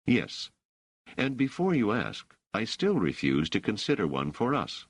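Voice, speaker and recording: A man's voice: lowish voice, huge pitch swings, measured pace, breathy edge, no echo, pitched above the performer's own voice, exaggerated voice. A man doing an indignant, grim scholar. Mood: defiant. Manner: firm, hot and grim. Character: indignant male scholar under questioning.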